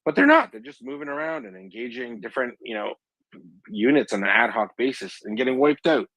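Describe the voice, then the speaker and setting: A man's voice: mid-range voice, very animated, a little fast, creaky, fairly bright tone, no echo, poor audio. A man talking bluntly and scornfully in a casual live audio chat, with dry jokes. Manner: dry joking. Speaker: guest commentator.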